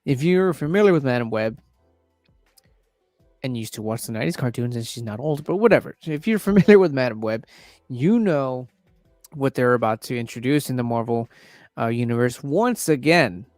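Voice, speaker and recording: A man's voice: medium pitch, animated, normal speed, darkish tone, no room sound, clean studio sound, faint music behind. A man hosting a casual livestream, talking loosely and swearing freely as he reacts to trailers. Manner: loose, profane, chatty. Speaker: livestream host reviewing trailers.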